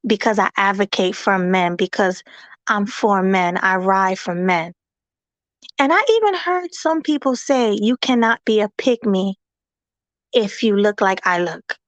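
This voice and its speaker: A woman hosting a casual live-stream chat, talking in an animated way and asking her viewers rhetorical questions. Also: medium pitch, no room sound, dull audio. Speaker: host.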